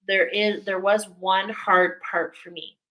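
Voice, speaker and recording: A middle-aged woman reads oracle cards live, her voice bright and clear. She talks to her viewers in a soothing, emotional way, warm and heartfelt. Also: medium pitch, fairly even intonation, slow pace, rough recording. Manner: emotional, soothing, drops to soft whispers at times. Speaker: oracle card reader. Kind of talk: live spiritual reading.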